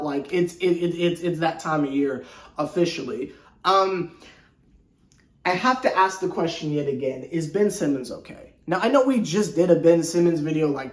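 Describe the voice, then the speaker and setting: A basketball channel host giving casual, slangy sports commentary, excitable and rambling, often stumbling and repeating words. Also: medium pitch. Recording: echoey room.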